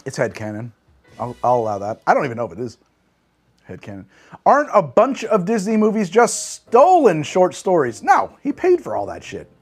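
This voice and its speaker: A man's voice: on the high side, wildly swooping pitch, normal speed, slightly rough, faint music behind. A man chatting casually on a live stream, rambling, swearing freely and thinking aloud as he answers chat.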